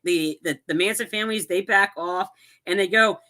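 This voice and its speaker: A man's voice: high-pitched, moderate pace, bright, forceful tone. A man co-hosting a podcast, casually recapping a movie plot in a rambling way, full of restarts and acted-out quotes. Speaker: podcast co-host.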